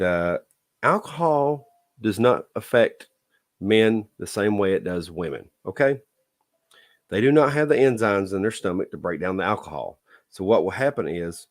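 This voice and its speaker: A man telling a dating story in a blunt, folksy way, lecturing listeners with a repeated "okay?". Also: fairly low pitch. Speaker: dating advice vlogger. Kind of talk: casual storytelling monologue.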